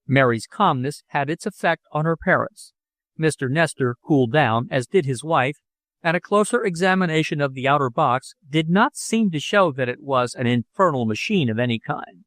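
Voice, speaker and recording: A man narrating an audiobook with expressive storytelling. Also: fairly high pitch, normal speed, no room sound. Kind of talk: scripted narration.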